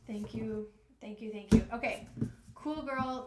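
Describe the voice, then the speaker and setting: A woman's voice: a little high, steady tone, slow pace, reverberant, heavy background noise. A woman giving a live-stream tarot reading, chatty and emotional, talking to spirit and to her viewers. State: emotional, nearly crying. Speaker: tarot reader.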